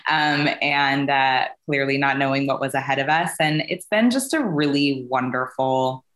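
A woman's voice: a bass voice, normal speed, a bit bright, echoey room. A woman from California, a company CEO, chatting as a podcast guest in a rambling way with many fillers. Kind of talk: casual interview chat.

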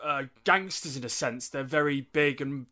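Bright-voiced man, dry wit. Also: medium pitch, moderate pace. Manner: dry, wry remarks, steers the discussion. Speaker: podcast co-host. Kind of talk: casual film discussion.

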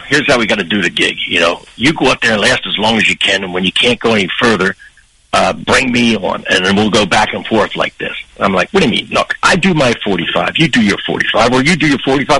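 An older male comedian, a guest on a podcast, tells a long anecdote and animatedly acts out the people in it. His voice is fairly low and husky, and the recording is rough.

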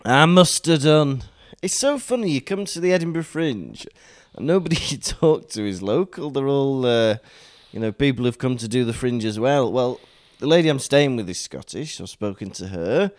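A man co-hosting a podcast in casual chat, playful and quick to laugh. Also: medium pitch, animated, no echo, clean studio sound. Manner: chatty, laughs often, playful banter. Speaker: podcast co-host.

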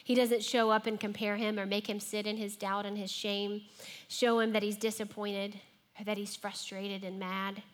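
A woman preaching a sermon at a medium pitch. She acts out imagined dialogue in her lines and sometimes drops to a hush to make a point. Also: flat delivery, moderate pace.

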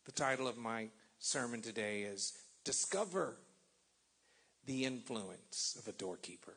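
A man preaching a sermon and reading scripture, with dramatic pauses, swelling loud and then dropping to a hush. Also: medium pitch, animated, breathy edge. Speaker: pastor.

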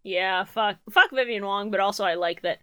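A woman's voice: medium pitch, moderate pace, pushed and bright, smooth, dry recording. A young adult woman co-hosting a podcast in casual chat, laughing often and swearing freely. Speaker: podcast co-host.

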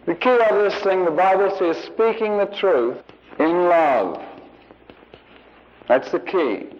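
On a muffled recording from the 1970s, a man with a slightly high voice preaches to a church congregation. His delivery is emphatic, and he circles back to his key phrases again and again.

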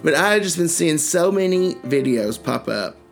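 A man's voice: fairly high pitch, expressive, measured pace, vocal fry, faint music behind. A man in his forties co-hosting a podcast with jokey, playful, nostalgic casual chat. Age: 40s. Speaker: podcast co-host.

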